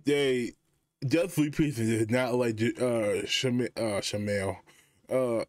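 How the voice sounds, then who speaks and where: A man's voice: mid-range voice, slow pace, dry recording. Chatty man doing reaction commentary. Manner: chatty, laughing asides to viewers. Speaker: reaction video host.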